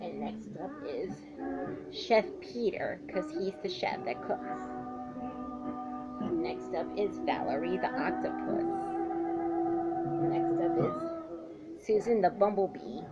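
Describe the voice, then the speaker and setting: A woman's voice: on the high side, sing-song, takes it slowly, pauses often, dull audio, loud music behind the voice. A woman in a casual show-and-tell vlog, announcing her handmade puppets one by one and giving them animal noises.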